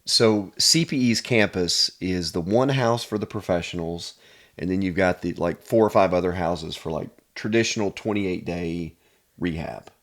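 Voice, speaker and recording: A man's voice: low-pitched, normal speed. A man from Pennsylvania, a chiropractor guest, telling personal stories in an earnest, casual way. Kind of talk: casual storytelling.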